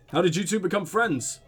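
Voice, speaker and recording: A man's voice: high voice, a bit bright, breathy edge, full character voice. A man voicing a blunt, impatient police detective who questions in a probing, exasperated way.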